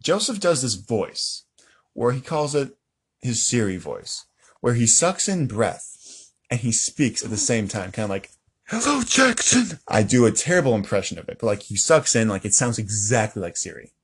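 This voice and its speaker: A man's voice: on the low side, sing-song, normal speed, slightly rough. A young man co-hosting a podcast, telling a rambling story in casual chat, often laughing and correcting himself. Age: young adult. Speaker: podcast co-host.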